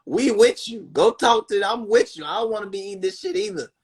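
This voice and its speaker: A man hosting a livestream, ranting in an animated, profane and sarcastic way, talking into a phone. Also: high voice, a little fast, husky. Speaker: livestream host. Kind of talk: casual livestream rant.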